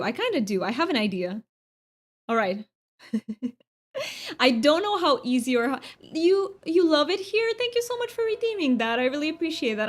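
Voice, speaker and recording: A woman live streamer chatting casually with viewers while she draws, scattered and self-interrupting, often repeating her words. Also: on the high side.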